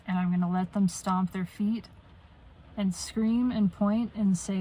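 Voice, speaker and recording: A woman's voice: mid-range voice, fairly even intonation, unhurried, dark tone, rough recording. A woman venting in a personal monologue, blunt and profane, often trailing off and restarting. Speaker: vlogger.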